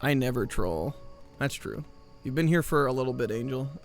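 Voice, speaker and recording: A man's voice: mid-range voice, lively intonation, moderate pace, soft background music. A man streaming live, chatting with his viewers in a rambling, joking, mock-exasperated way. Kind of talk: casual chat with viewers.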